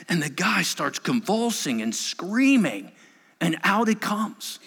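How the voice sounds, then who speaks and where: A man preaching a sermon as pastor, animated, swinging between loud emphasis and hushed asides. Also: high-pitched, unhurried. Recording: long hall reverb.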